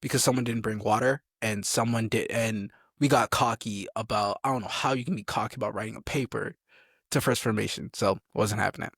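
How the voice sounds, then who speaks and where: Animated young man telling army stories. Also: lowish voice, fairly quick, creaky, husky, no echo, studio quality. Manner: animated, laughing, acts out quotes. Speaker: army soldier, podcast guest. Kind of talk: casual storytelling chat.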